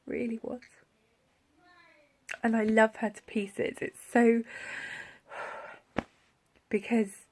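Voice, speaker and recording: A woman's voice: a little high, level tone, takes it slowly, long pauses. A woman talking tenderly in a personal vlog, her voice often sinking to a whisper as she reflects. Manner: soft-spoken, often drops to a whisper; heartfelt, tender. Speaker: vlogger.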